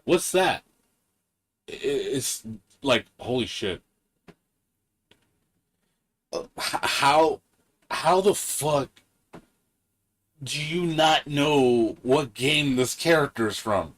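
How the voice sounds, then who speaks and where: A man's voice: mid-range voice, animated, slow pace, a bit bright. A man ranting on a gaming live stream, profane and heated, mocking other people in quoted voices. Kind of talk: casual gaming stream rant.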